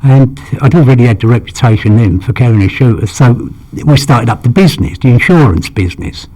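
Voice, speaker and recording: Older man with a mellow voice. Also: mid-range voice, a little fast. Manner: rambling, acts out quoted dialogue, frequent "you know". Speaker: interviewee. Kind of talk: anecdotal storytelling.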